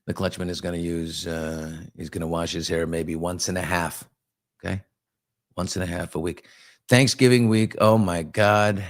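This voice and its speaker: A middle-aged man hosting a casual live morning chat, telling lively stories and answering viewer comments. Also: sits low, normal speed. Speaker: host.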